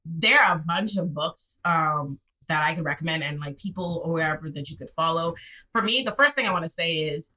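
A woman's voice: low voice, animated, fairly quick, bright, forceful tone, rough recording. A woman guest on a podcast, a lawyer and commentator, answering in an earnest, encouraging way. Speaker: guest, public defender and commentator. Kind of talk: conversational interview.

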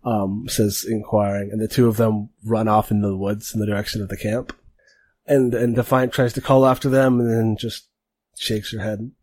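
Husky-voiced man running a tabletop game. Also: on the low side, normal speed. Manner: relaxed and rambling with fillers. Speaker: game master.

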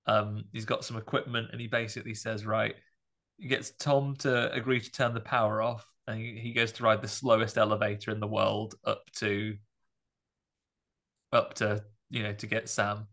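A man's voice: lowish voice, flat delivery, normal speed, creaky, fairly bright tone. A man in casual podcast chat, animatedly retelling a film's plot and acting out the characters' lines. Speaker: podcast co-host. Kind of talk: casual chat recapping a film.

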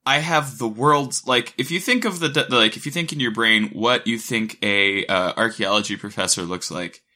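A young university student co-hosting a casual chat, telling stories in an animated way and laughing often. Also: male voice, medium pitch, moderate pace. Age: young adult.

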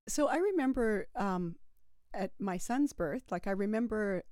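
A woman hosting a podcast, reflecting thoughtfully and asking her guests questions in relaxed conversation. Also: medium pitch, measured pace, dry recording, studio quality. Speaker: podcast host. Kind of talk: casual conversation.

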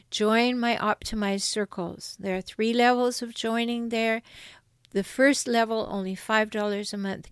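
A woman giving earnest, encouraging relationship advice as a coach and author, speaking directly to her listeners with emphatic, steady reassurance. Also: medium pitch, clean tone, no room sound, clean studio sound. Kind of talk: direct-to-camera advice talk.

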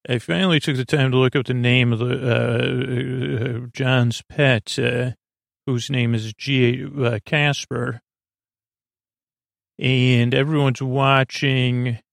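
A man with a gravelly, creaky voice hosts a sleep-aid podcast, wandering through an episode recap as he thinks aloud. His delivery is hesitant and meandering, with barely any rise and fall in pitch. The recording is dry and close, with no room sound around him. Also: fairly even intonation, takes it slowly, dry recording. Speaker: podcast host.

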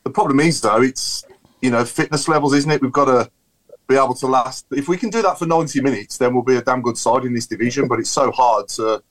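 A man's voice: medium pitch, fast talker, poor audio. A man on a video call giving his views in a casual football chat podcast, rambling and opinionated. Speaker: podcast panelist.

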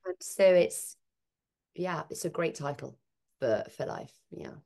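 A woman with a lower voice talks through her parenting ideas on a podcast. She is animated and swings into quoted voices as she explains. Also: unhurried, vocal fry. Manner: animated, acts out quoted speech. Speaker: podcast guest, author. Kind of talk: conversational interview.

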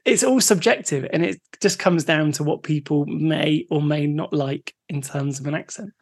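Podcast co-host, laid back, laughs a lot, voice on the higher side. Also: male voice, moderate pace. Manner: easygoing, laughs often, shares facts. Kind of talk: casual podcast chat.

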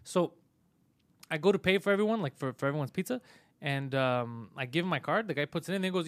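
A man hosting a casual live-stream podcast, swearing freely and telling stories with animated energy. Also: on the high side, quick pace, dry recording. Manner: profane, animated storytelling. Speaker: podcast host.

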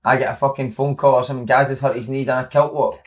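A man's voice: medium pitch, level tone, fast, background noise. A Scottish man telling football dressing-room stories in casual chat, swearing a lot and acting out what people said. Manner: sweary, laughing, acts out quotes loudly. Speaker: podcast guest, former footballer.

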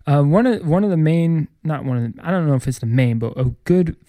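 A man's voice: fairly high pitch, brisk, dark tone, no echo, clean studio sound. A man hosting a casual, joking talk segment, rambling and playful. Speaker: segment host. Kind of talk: casual comedic chat.

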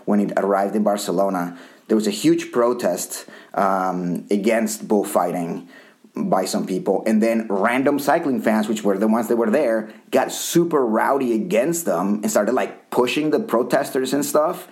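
A man from Colombia co-hosts a podcast in relaxed, rambling chat. His voice sits fairly low, and he often restarts his sentences and swears casually as he talks. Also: normal speed. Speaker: podcast co-host.

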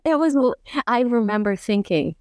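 A woman guest on a podcast telling a personal story in a fast, urgent way, often quoting herself and others. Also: on the high side, expressive, a little mellow, clear, resonant tone, no echo, studio quality. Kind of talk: emotional personal story in conversation.

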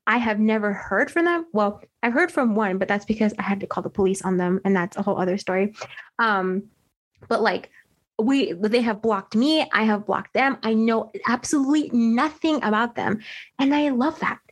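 A young woman co-hosting a podcast, telling a story in an animated, slangy way with lots of "like" into a desk microphone. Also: mid-range voice, normal speed. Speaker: podcast co-host. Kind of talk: casual chat.

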